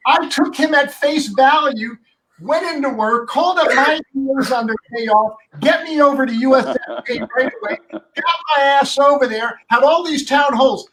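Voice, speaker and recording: High-voiced man telling a story from off-mic. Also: normal speed, fairly bright tone, far from the mic, slight background noise, low-quality recording. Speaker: guest. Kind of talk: casual storytelling.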